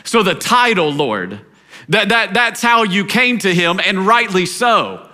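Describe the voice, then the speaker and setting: A pastor from Tennessee preaching a sermon, swinging from emphatic, rising exhortation to soft, low stretches. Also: male voice, sing-song, measured pace.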